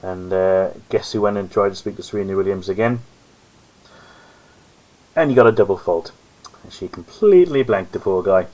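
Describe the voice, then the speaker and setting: Low-pitched and dark in tone, this live-stream host speaks at a normal speed but pauses often during his solo, casual commentary. He rambles and mocks himself, and the recording is rough.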